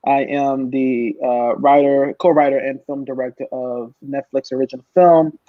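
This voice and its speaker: A man from Brooklyn, New York, speaking as a film director on an online panel, shocked and upset, halting and repeating his words. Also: mid-range voice, flat delivery, no room sound, narrow, tinny audio.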